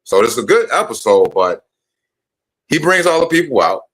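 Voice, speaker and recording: A man hosting a podcast, asking questions in relaxed casual chat. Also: a little high, normal speed, breathy edge, low-quality recording. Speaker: podcast host.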